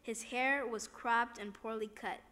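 A woman's voice: on the high side, fairly even intonation, a little slow, sharp tone. A woman reading a first-person devotional story aloud, plainly, with small slips and restarts.

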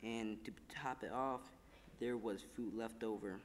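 Man calmly narrating in an echoing room. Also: fairly low pitch, a little hiss or hum. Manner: calm, measured storytelling with small slips. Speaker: reader. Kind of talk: scripted narration of a first-person story.

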